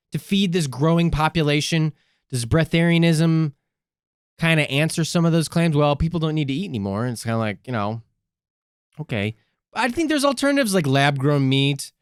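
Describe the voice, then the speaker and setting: A man's voice: a little high, clear, resonant tone, dry recording, studio quality. A man co-hosting a casual podcast, crude and sardonic, often sighing. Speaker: podcast co-host.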